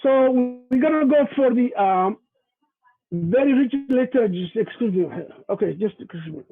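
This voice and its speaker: A man teaches over a video call, and his voice sits very high for a man. He spells out sounds one by one, in a deliberate, patient way. The audio is thin and tinny, like a phone line. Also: lively intonation, slightly rough, soft background music. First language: Somali. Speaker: Somali language and culture presenter.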